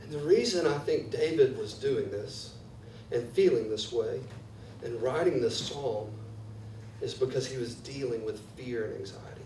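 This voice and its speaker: A man's voice: medium pitch, moderate pace, darkish tone, echoey room, distant mic, a little hiss or hum, poor audio. A pastor preaching a sermon, earnest and repeating words as he builds each point. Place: church sanctuary.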